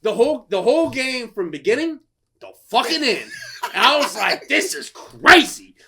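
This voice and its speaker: A man co-hosting a podcast in casual chat, telling a story with lots of swearing and loud acted-out quotes. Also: very high-pitched, very animated, moderate pace, a crowd in the background. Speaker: podcast co-host.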